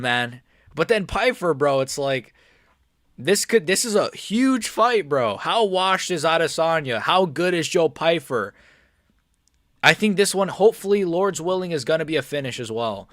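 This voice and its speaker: A young man chatting casually during a live stream, excitable and rambling, and he keeps repeating how nervous he is. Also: a little high, moderate pace, no echo, clean studio sound. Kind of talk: live watch-along chat.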